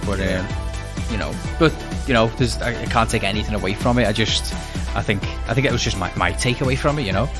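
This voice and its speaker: A man's voice: lowish voice, fast, over music. A man co-hosting a casual podcast, talking in a chatty, self-interrupting way and reading a screenplay aloud.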